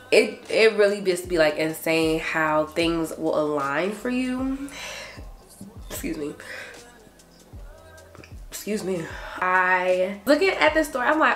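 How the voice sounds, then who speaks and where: A young adult woman vlogger chatting casually to her camera, animated and saying "y'all" a lot. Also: medium pitch. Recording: roomy echo, faint music behind.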